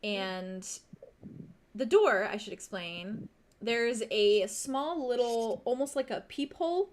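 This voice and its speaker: A young adult woman serving as game master, narrating a tabletop game with unhurried, vivid scene-setting. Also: a little high, slight background noise.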